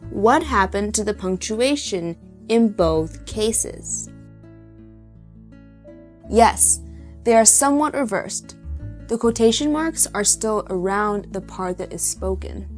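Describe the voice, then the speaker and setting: A woman teacher narrating a lesson with slow, clear explanations. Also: medium pitch, animated. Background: faint guitar music.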